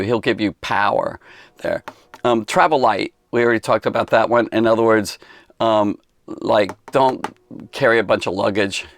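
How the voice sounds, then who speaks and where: A man with a low, gravelly voice talks through a Bible passage for children in an easygoing, rambling way. He fills pauses often and restarts his sentences, and the sound is dry and close. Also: dry recording. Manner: rambling, conversational, many fillers and restarts. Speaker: Bible teacher. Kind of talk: casual Bible lesson for kids.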